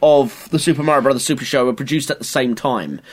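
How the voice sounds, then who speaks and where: A man's voice: medium pitch, fast talker. A man co-hosting a podcast, swearing freely and recapping episodes in casual chat. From Britain. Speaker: podcast co-host.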